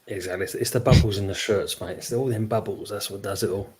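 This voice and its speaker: A man's voice: lowish voice, fairly even intonation, fast talker, background noise. A man on a football podcast panel, bantering casually and offhand over a video call. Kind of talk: casual chat.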